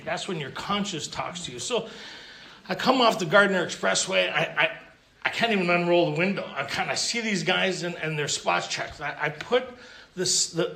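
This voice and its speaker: A man's voice: high-pitched, gravelly, sharp tone, slight background noise. A man telling his story at a recovery meeting, humorous and self-mocking, stammering and restarting as he goes. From Canada. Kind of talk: storytelling talk at a recovery convention. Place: convention hall with audience.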